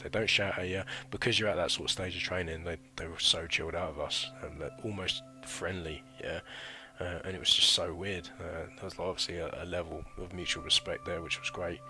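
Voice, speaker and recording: A UK man in his thirties, once a recruit, tells a chatty, wandering vlog story about his military training, thick with fillers and slang. His voice sits low and sounds pushed and bright.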